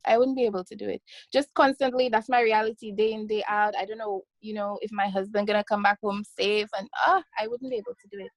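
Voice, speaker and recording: A woman, chatting lively in a casual podcast and laughing easily. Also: medium pitch, fast, dry recording, rough recording. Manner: lively, laughs easily, many short affirmations.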